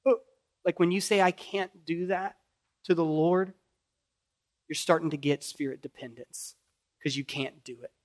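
High-voiced Kentucky pastor preaching. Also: male voice, moderate pace, long pauses. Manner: swells loud and high when pleading, drops soft and low in prayer. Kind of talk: sermon.

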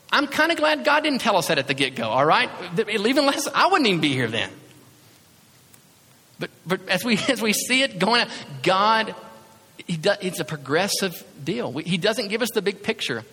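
A man's voice: sits high, very animated, normal speed, bright, forceful tone, husky. A man preaching a sermon as a pastor, talking conversationally and acting out little asides. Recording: reverberant hall sound.

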